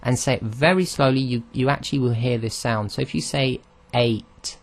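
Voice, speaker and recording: A man's voice: mid-range voice, normal speed. A man teaching Arabic pronunciation in a recorded lesson, explaining patiently step by step and sounding out each letter aloud.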